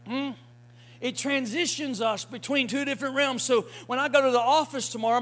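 A man preaching a sermon with emphatic call-and-response, folksy phrasing, and shouted hallelujahs. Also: very high-pitched. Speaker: pastor.

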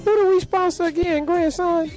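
A man's voice: very high-pitched, steady tone, moderate pace, a little mellow, pitched above the performer's own voice. A man voicing a forgetful elderly grandmother who reads out a radio ad in a doting, muddled way, over background music. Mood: announcing. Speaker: ad announcer.

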